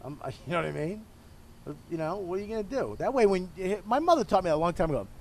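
A man's voice: high voice, big pitch swings, quick pace, darkish tone, a little hiss or hum. Candid, profane middle-aged man. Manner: candid, profane, self-deprecating; smoking a cigar while talking. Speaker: comedian guest. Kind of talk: casual interview talk.

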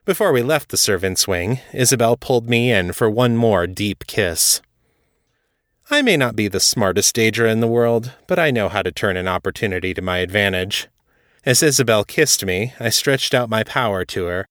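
Low-voiced male story narrator, dry close mic. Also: lively intonation, moderate pace, a bit bright, no room sound. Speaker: podcast host and author reading his fiction. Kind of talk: first-person story narration.

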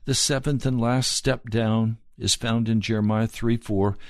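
A man preaching a sermon, earnest and pleading, speaking slowly and deliberately. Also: medium pitch, fairly even intonation, no room sound, studio quality.

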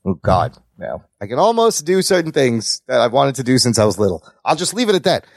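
A man's voice: medium pitch, very animated, brisk, no room sound, studio quality. A man hosting a podcast in casual chat, joking and swearing freely. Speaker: podcast host.

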